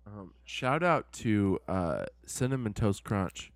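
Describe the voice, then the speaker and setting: A man with a lowish voice co-hosting a comedy podcast, dropping in goofy, playful asides. He is recorded close and dry, with no room sound. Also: sing-song, slow pace, dry recording. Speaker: podcast co-host. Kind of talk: casual comedic chat.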